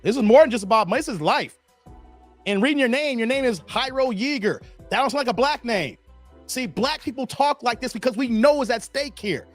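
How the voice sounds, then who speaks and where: A man's voice: very high-pitched, moderate pace, faint music behind. A man hosting a livestream, talking bluntly and casually to his chat. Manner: animated, blunt, talks straight to chat. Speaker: livestream host.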